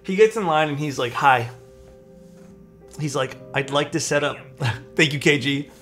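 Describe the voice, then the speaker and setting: A young man streaming, telling his viewers a story in a loose, casual way. He slips into the voices of the people he quotes. Faint music plays softly behind him. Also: fairly high pitch, moderate pace. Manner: animated, acts out quoted people.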